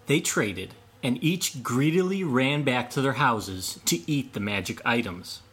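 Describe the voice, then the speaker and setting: A man reading folk tales aloud at an unhurried pace, his voice rising and falling a great deal. The tone is somewhat husky. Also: mid-range voice. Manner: slow, expressive storytelling. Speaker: storyteller. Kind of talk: scripted folk tale narration.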